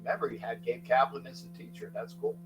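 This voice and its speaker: A middle-aged man hosting a casual sports talk livestream, rambling, thanking chatters by name and breaking into sudden loud outbursts. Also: mid-range voice, quick pace, noisy background. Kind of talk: casual live chat with viewers.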